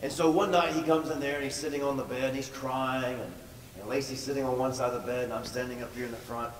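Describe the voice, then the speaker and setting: A man's voice: mid-range voice, level tone, fast. A male pastor telling a story in a sermon, stressing words by repeating them. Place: large church hall. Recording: echoey hall from far off, faint noise.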